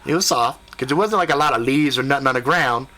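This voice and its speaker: A man telling a comic story in an animated, profane way, jumping into voices and sound effects. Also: mid-range voice, fast talker, a little hiss or hum. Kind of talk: comedic spoken storytelling.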